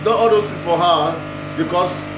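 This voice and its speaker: A man's voice: sits high, normal speed, roomy sound, heavy background noise. A man talking casually in a home vlog, earnest and simple in his phrasing. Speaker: husband in vlog.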